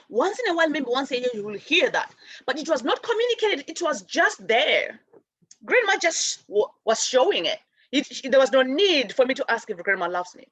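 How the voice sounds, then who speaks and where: A woman hosting a spiritual talk show, telling stories about her upbringing in an animated way and acting out her relatives' voices. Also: high-pitched, moderate pace, no room sound. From raised in a village outside America. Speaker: show host.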